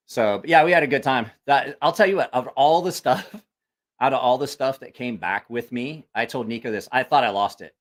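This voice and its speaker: A man's voice: mid-range voice, moderate pace. Profane rambling male livestream host. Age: adult with school-age child. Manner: rambling, profane, storytelling with quoted voices. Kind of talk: casual livestream chat.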